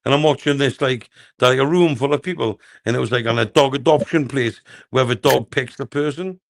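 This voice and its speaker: Gravelly, rambling man telling stories. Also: mid-range voice, brisk. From Cumbria, England. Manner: rambling anecdotes, laughs often, sweary. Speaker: co-host of a live stream. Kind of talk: crude casual banter.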